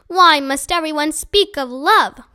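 A woman's voice: high voice, a little slow, bright, forceful tone, no room sound, studio quality. A woman voicing a proud, spoiled young princess in a storybook reading, haughty and demanding.

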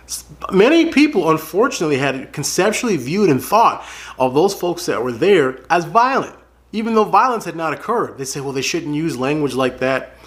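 A man's voice: on the high side, fairly bright tone. Earnest man repeating points for emphasis. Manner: earnest, repeats phrases for emphasis, addresses listeners as folks. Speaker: commentator addressing viewers. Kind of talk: casual spoken commentary to camera.

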